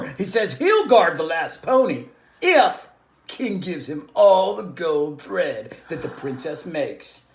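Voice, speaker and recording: A man reading a children's story aloud in a slangy, laid-back surfer-dude manner. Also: a little high. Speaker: guest co-reader. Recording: echoey room.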